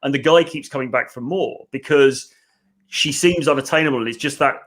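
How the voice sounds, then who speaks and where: A man hosts a relaxed podcast chat about a book, with a voice pitched in the middle range. He talks with animated energy and keeps throwing "right?" at his guests. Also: fast talker. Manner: animated, conversational, frequent "right?" asides. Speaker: podcast host. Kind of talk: casual discussion of a book.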